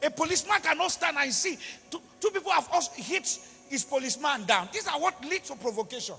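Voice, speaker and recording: A man's voice: very high-pitched, lively intonation, quick pace, vocal fry, bright, forceful tone. A man with a Nigerian accent preaching a sermon in a church, pleading and repeating for emphasis. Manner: impassioned, pleading, repetitive emphasis. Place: large church hall. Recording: reverberant church hall with music.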